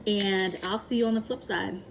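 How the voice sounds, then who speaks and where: A woman hosting a casual how-to vlog, chatty and upbeat, often filling pauses with "um" and adding "right?" to her sentences. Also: medium pitch, fairly even intonation, vocal fry, very noisy. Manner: chatty, frequent ums and tag questions; upbeat and enthusiastic. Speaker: prepping vlogger.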